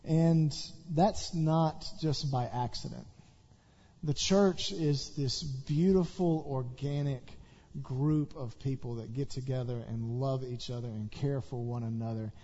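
A man's voice: mid-range voice, unhurried, warm tone, lo-fi sound. A man from Tennessee, a pastor giving an earnest, heartfelt church talk and leading prayer. He stumbles over his words and repeats them.

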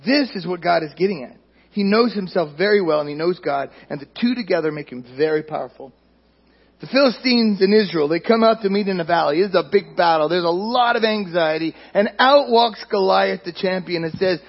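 A man preaches to his congregation in a loose, conversational sermon, often turning his points into questions for the listeners. His voice sits high and has a husky, breathy edge. The recording sounds muffled and lo-fi. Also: expressive, moderate pace. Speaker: pastor.

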